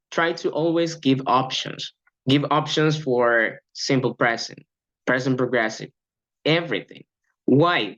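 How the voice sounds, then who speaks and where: A man's voice: fairly high pitch, a bit bright, lo-fi sound. A man training language coaches in an upbeat lecture, acting out short classroom examples.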